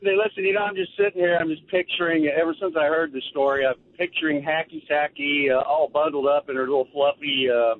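A man's voice: on the high side, fairly even intonation. Rambling man on a tinny phone line. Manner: rambling, piles on quick asides. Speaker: radio show regular on the phone. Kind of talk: casual talk radio chat.

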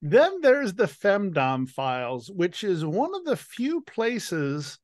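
A man hosting a casual interview, talking in a slow, drawn-out, effusive way. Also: sits high, huge pitch swings, dry recording, clean studio sound. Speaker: host.

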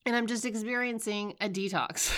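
A woman's voice: on the high side, steady tone, normal speed, a bit bright. A woman in her forties hosting a casual solo podcast, sounding stuffy and nasal, talking candidly, swearing and laughing at herself as she tells stories. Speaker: podcast host.

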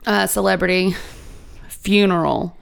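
Woman with a creaky voice, swearing casually. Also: mid-range voice, steady tone, a little slow. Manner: profane, joking storyteller. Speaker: podcast co-host. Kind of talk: casual chat.

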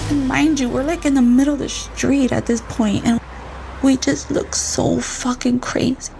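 With background noise behind her, an interviewed mother breathlessly retells tense events in the first person, performing the voices of those involved. She is an adult with a high-pitched, creaky voice.

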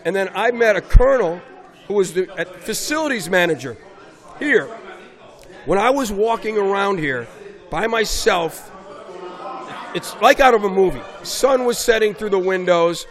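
A middle-aged basketball coach tells stories in a casual interview, an animated storyteller who raises his voice for emphasis. His voice sits high, and he speaks at a moderate pace with frequent pauses.

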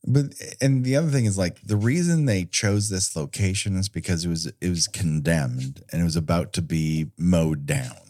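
This podcast co-host's voice is low and a little mellow, moving at a moderate pace with hardly any pauses. He reviews a movie in a relaxed chat, full of sarcastic, crude jokes and mock quotations.

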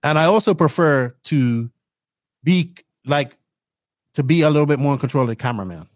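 A young man from Bermuda with a fairly high voice, talking as a race commentator being interviewed on a podcast. He tells his stories in an animated, excitable way and acts out his own reactions. The sound is dry and close. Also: brisk, dry recording. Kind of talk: casual interview storytelling.

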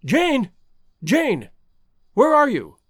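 A man voicing an earnest young gentleman, anxious and sober. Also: sits high, sing-song, normal speed, dry recording, studio quality.

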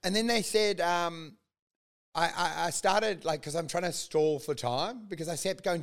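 High-voiced man telling a wild story. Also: normal speed, gravelly. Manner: animated, laughing storyteller who acts out quotes. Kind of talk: casual storytelling chat.

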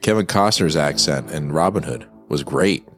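A man's voice: extremely low pitch, moderate pace, a bit bright, faint music behind. A man co-hosting a movie watchalong, joking crudely and laughing a lot. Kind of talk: casual chat over a film.

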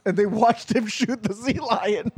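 A young man with a notably high-pitched voice chats casually with a friend. He laughs a lot and slips into other people's voices while telling funny stories. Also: a little slow, breathy edge, dry recording. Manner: laughing storyteller, acts out quoted voices. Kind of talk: casual chat.

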